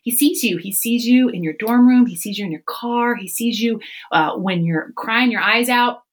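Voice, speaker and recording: A woman on a faith podcast, talking fast and animated and acting out the voices she quotes. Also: on the high side, poor audio. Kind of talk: casual faith podcast chat.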